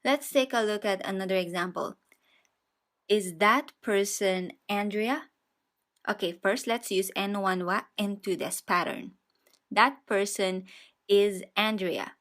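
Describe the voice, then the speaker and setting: A woman teaching a beginner Japanese grammar lesson, explaining patiently and repeating each example sentence slowly. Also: medium pitch, a bit bright. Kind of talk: slow, step-by-step grammar lesson.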